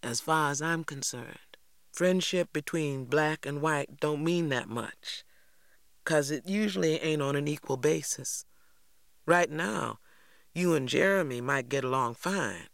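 A man voicing a calm, stern father who speaks in a measured way with a Southern accent. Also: fairly high pitch, vocal fry, no echo, studio quality. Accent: Southern American.

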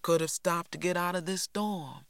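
A man voicing a calm old grandmother. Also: high-pitched, normal speed, gravelly, clean tone, dry recording, voice pushed up. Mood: reassuring.

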